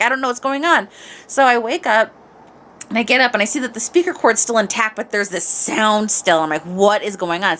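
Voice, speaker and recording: A woman podcast host with a slightly high voice tells a casual story into her microphone. She is animated and expressive, sliding from low mutters up to shrieks.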